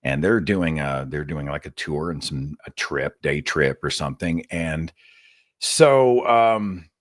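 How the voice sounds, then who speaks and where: Okla guy hosting a call-in show, low voice that swings up and down, rambly and wry. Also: expressive, slow, dry recording, studio quality. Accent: Oklahoma. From Oklahoma, USA. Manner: chatty, wry, rambling asides. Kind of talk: live call-in show monologue.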